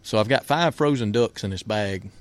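Low-voiced man telling a folksy story. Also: normal speed. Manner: laughs often, repeats himself, folksy. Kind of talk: casual storytelling chat.

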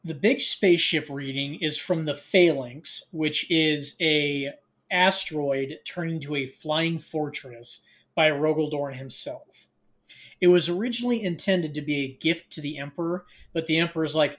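A man's voice: on the high side, unhurried. A man co-hosting a podcast, recapping a novel in loose, filler-heavy casual chat with wry teasing. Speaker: podcast co-host.

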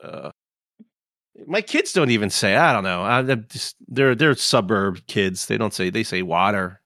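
A man's voice: on the low side, sing-song, normal speed, pushed and bright, no room sound, clean studio sound. A man co-hosting a gaming podcast in casual, joking chat, rambling with many restarts. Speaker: podcast co-host.

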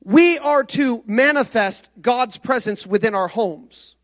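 High-voiced impassioned male preacher. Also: takes it slowly. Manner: preaching with swings from soft, low passages to loud high-pitched exhortation. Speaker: pastor. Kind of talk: sermon.

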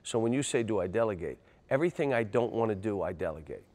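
An older man, a basketball coach, telling animated stories in an interview and getting loud and excitable. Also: on the low side, fast. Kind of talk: interview storytelling.

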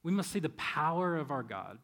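A man preaching a sermon as pastor, conversational and storytelling, softening into prayer. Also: a little high, brisk. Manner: conversational, animated when storytelling, soft when praying. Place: church. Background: faint band music.

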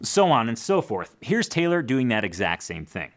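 A man's voice: mid-range voice, big pitch swings, moderate pace. A man teaching a casual guitar lesson, explaining plainly, counting strum patterns aloud and adding self-deprecating asides.

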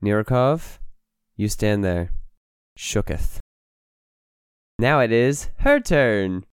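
Smooth-voiced man running a tabletop game. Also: lowish voice, lively intonation, drawn-out words, no echo, clean studio sound. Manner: playful, laughing asides. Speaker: game master.

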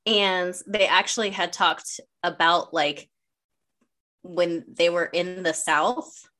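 A middle-aged woman co-hosting a casual podcast chat, an animated storyteller who swears freely and acts out quotes. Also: on the low side, slow. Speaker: podcast co-host.

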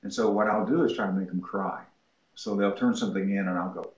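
A man's voice: fairly low pitch, fairly quick. A man, a writing instructor, talking casually as an interview guest and acting out his exchanges with students as he tells stories. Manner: animated storytelling, acts out quoted exchanges with students. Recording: roomy, dull lo-fi recording.

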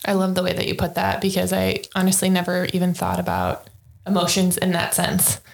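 A woman hosting a podcast who asks halting questions full of fillers in a casual interview. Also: lowish voice, vocal fry. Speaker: podcast host. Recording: roomy, echoey sound.

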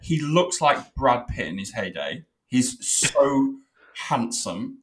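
A male podcast co-host chatting casually, quick to poke fun at himself. His pitch sits in the middle and rises and falls a lot as he gets carried away. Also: noisy background. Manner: self-mocking, animated. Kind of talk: casual chat.

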